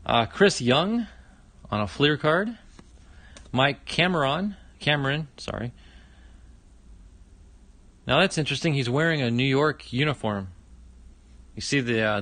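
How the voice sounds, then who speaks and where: A man's voice: medium pitch, expressive, measured pace, pauses often, fairly bright tone, no echo. A middle-aged man hosting a casual livestream, opening fan mail, chatty and exclaiming often.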